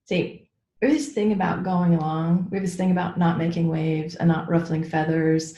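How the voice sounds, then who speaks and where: A woman's voice: on the low side, level tone, normal speed, warm tone. A middle-aged woman mentoring a group on a training call, talking in a frank, chatty way with lots of "like"s and "right?" check-ins. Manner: frank, with mild swearing. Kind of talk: teaching a group call, casual and personal. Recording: roomy echo.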